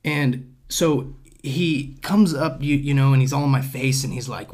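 A man's voice: mid-range voice, fairly even intonation, a little fast, darkish tone. A young man hosting a podcast, telling a story in casual chat, acting out the other people's voices and swearing freely. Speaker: podcast host.

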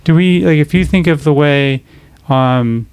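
A man hosting a casual podcast conversation, asking halting questions full of fillers and often finishing the other speaker's sentences. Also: on the high side, a little mellow, clear, resonant tone, no echo. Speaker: podcast host.

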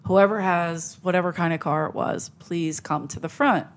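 A woman comedian guest with a Philadelphia accent tells stories on a casual podcast, blunt and a bit profane. Her voice is on the low side at normal speed, and she's an animated storyteller.

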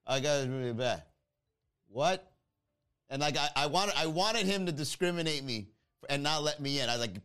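A man's voice: medium pitch, moderate pace, pauses often, clean tone. A man hosting a podcast, telling a comic story and acting out the people in it. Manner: animated, mimics people in his story. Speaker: podcast host.

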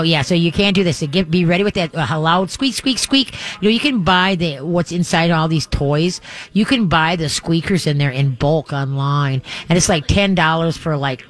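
A man hosting a live call-in radio show from a remote event, giving dog training advice in a rambling, folksy way with many restarts. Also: fairly high pitch.

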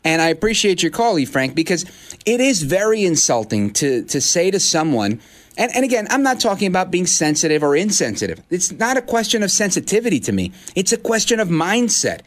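A male talk radio host with a fairly high voice, speaking from a radio studio. He pushes his points with punchy rhetorical questions. The sound is clean studio-mic audio. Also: very animated, a little fast. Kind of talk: opinionated talk radio monologue.

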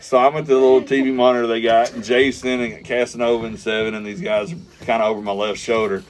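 A man's voice: mid-range voice, little pitch movement, quick pace, slight background noise. A man co-hosting a podcast, telling a story in crude, laughing casual chat. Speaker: podcast co-host.

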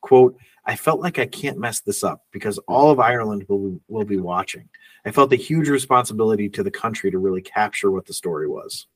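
A man's voice: fairly low pitch, a little fast, slightly rough, recorded from a distance. Man reading film trivia, off-mic. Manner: reads trivia notes aloud, laughs often. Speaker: podcast co-host. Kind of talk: casual film podcast chat.

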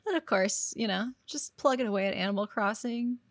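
A woman's voice: on the high side, brisk, no echo. A young woman co-hosting a casual gaming podcast, telling stories animatedly with lots of "like" and laughter. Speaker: podcast co-host.

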